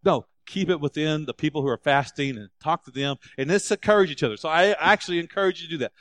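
A male pastor delivering a lively sermon, his fairly high voice pushing up into loud, emphatic bursts. The sound is close and dry, with little room echo around him. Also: fast talker. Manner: animated, rising to loud emphatic preaching.

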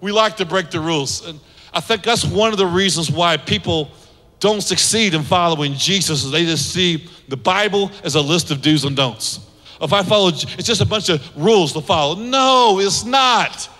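Bright, high-voiced preaching man. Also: moderate pace. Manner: emphatic, repetitive preaching with rising exhortations. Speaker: pastor. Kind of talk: sermon. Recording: long reverb of a large hall.

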